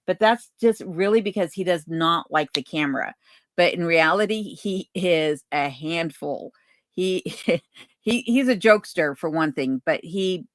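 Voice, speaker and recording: A woman hosting a casual livestream Q&A from her cabin, reading viewer comments aloud and answering in an unhurried way with plenty of ums. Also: on the low side, dry recording, studio quality. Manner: relaxed, unhurried, many ums, reads chat comments aloud. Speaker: channel host answering viewer questions. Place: home cabin in remote Alaska.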